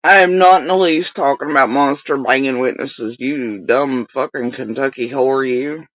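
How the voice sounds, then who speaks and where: A woman's voice: a bass voice, moderate pace, no room sound, dull audio. A woman hosting a livestream, talking casually and cursing as she mocks someone. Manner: profane, mocking rants. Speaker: livestream host.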